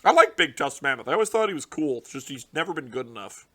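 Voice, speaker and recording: A young man giving casual, profane reaction commentary on a card game release, ranting in exasperation with sudden loud outbursts. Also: a little high, very animated, quick pace. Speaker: card game content creator.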